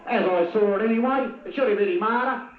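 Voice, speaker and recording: A man with an Australian accent giving excitable, partisan commentary on a local football match and calling out to the players by name. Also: high voice, fast talker, reverberant, phone-quality sound.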